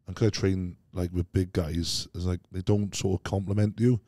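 A man talking as a podcast guest, telling rambling, animated stories and dropping "mate" into almost every sentence. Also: deep voice, normal speed, no room sound, clean studio sound. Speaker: podcast guest, strongman athlete. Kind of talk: casual interview chat.

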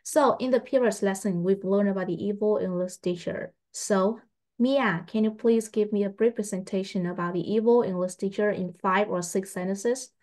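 A woman English teacher, patiently testing a young pupil and repeating her questions slowly. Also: mid-range voice, a little mellow. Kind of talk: online English test with a child.

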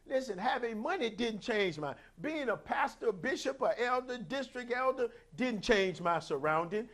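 A high-pitched man preaching a sermon from the pulpit. He swings between sudden shouts and soft, hushed lines, dropping in hallelujahs as he goes. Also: animated, normal speed, hardly any pauses. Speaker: pastor.

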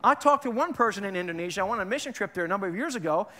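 Guy with a high voice preaching at church, chatty, lots of questions and little jokes. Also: rapid-fire. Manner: animated, conversational preaching with repeated restarts and rhetorical questions; jokes with the congregation. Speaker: pastor. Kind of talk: sermon. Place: church sanctuary.

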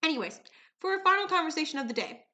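A woman's voice: sits high, very animated, rapid-fire, bright, forceful tone. Theatrical woman telling comic stories. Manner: theatrical, wry, playful. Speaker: vlogger. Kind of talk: comic storytelling vlog.

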